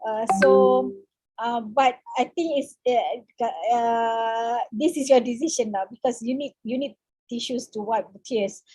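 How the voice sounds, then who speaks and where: A woman with a Malaysian English accent giving a seminar lecture on counseling over a video call, speaking haltingly with many fillers and slipping in Malay words. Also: fairly high pitch, fairly even intonation, warm tone, husky, no echo.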